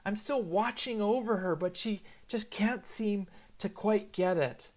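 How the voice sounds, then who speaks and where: A man's voice: high voice, a little mellow. Earnest man in his thirties preaching. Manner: earnest storytelling, slows for emphasis. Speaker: pastor. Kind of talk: sermon.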